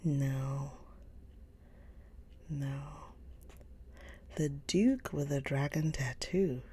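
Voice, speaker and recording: A woman hosting a live stream, chatting casually with viewers, gushing over books and often slipping into a soft whisper. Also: extremely low pitch, extremely slow, pauses often, breathy edge. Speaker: livestream book reader host. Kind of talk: casual livestream chat.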